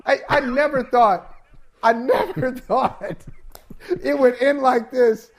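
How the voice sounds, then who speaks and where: Very high-voiced teasing male panelist. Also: unhurried. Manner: teasing, mocking, laughing. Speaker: sports panelist. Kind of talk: sports debate show.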